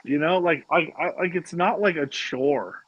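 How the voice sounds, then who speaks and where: A middle-aged man tells stories in a bright, forceful voice, tripping over his words and swearing freely. The sound is dry and a bit dull, like a lo-fi recording. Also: on the high side, measured pace, breathy edge, dry recording. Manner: swears a lot, animated storytelling with stammered restarts. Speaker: podcast co-host. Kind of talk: casual chat.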